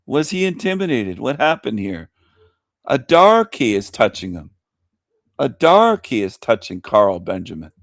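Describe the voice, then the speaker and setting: A man's voice: medium pitch, sing-song, unhurried, a bit bright, no room sound, clean studio sound. A man hosting a talk show, ranting bluntly and scornfully with lots of profanity and repetition. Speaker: show host. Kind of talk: ranting commentary over clips.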